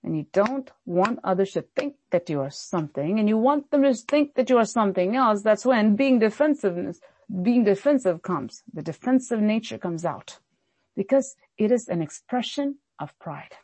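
A woman's voice: medium pitch, expressive, moderate pace, a little mellow, no room sound. A woman pastor preaching a sermon, emphatic and repetitive in her exhortations.

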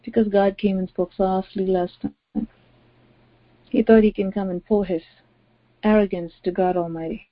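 A woman's voice: mid-range voice, steady tone, moderate pace, pauses often, no room sound. A woman pastor preaching a sermon, stressing her points by repeating phrases. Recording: dry, dull lo-fi audio.

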